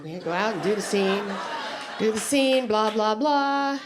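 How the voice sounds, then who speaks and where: A woman comedian telling stories on stage in an animated stand-up delivery. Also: normal speed. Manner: animated storytelling with wide pitch swings.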